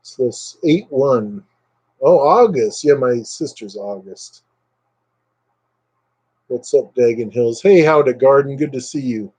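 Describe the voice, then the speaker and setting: Slow and given to long pauses, this man's medium-pitched voice is slightly rough. Hosting a casual livestream, he meanders and reads viewer comments out loud, relaxed but hesitant and heavy on fillers.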